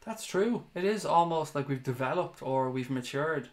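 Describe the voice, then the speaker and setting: A man's voice: on the high side, expressive, moderate pace. A young man hosting a fan livestream, reading viewer comments in a chatty, casual way, swearing and laughing at himself now and then.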